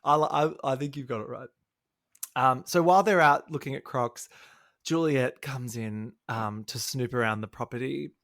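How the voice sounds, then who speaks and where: Gravelly man, catty recap. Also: medium pitch, normal speed, fairly bright tone, no echo, clean studio sound. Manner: chatty, catty recapping with frequent laughs. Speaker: podcast co-host. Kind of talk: casual chat.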